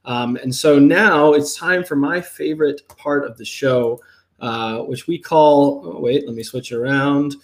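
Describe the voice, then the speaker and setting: A man hosting a livestream panel show, talking in a quick, jokey, upbeat way. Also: a little high. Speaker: host.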